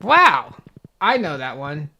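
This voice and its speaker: Rambling young woman streamer, lowish voice. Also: sing-song, slow pace, gravelly, sharp tone, highs cut off. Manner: rambling, many fillers and restarts. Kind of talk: casual chat while gaming.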